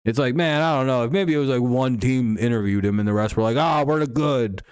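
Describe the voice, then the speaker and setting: A man's voice: mid-range voice, fairly even intonation, fast, a little mellow, clean tone, dry recording, studio quality. A man hosting a casual stream, rambling and joking crudely about sports. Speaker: streamer host.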